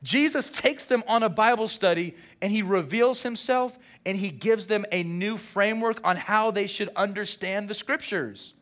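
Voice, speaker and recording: A man, the senior pastor, preaching a sermon and acting out lively dialogue. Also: high-pitched, moderate pace, hardly any pauses. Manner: animated preaching with acted-out dialogue.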